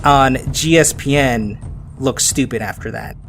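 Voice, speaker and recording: A man hosting a relaxed history podcast, chatty and quick to joke. He trips over tricky names and laughs it off. Faint music sits underneath. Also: medium pitch, gravelly. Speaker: podcast host. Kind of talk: casual history podcast chat.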